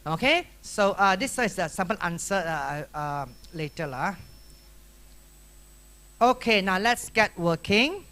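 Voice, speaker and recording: A middle-aged man teaches a workshop room in Malaysian-accented English. He asks question after question and teases his students. His voice is bright and forceful. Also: high-pitched, moderate pace. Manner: lively, questioning, teasing. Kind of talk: classroom lecture.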